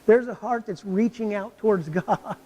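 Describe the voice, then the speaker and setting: A man's voice: sits high, moderate pace, mellow. A male pastor preaching a sermon in a church, driving points home with rhetorical questions and acting out inner voices. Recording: long hall reverb.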